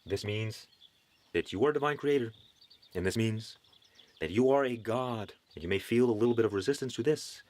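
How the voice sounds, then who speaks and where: A man's voice: fairly low pitch, moderate pace, a little mellow. A man giving a motivational spiritual talk, preachy and earnest, with wry asides.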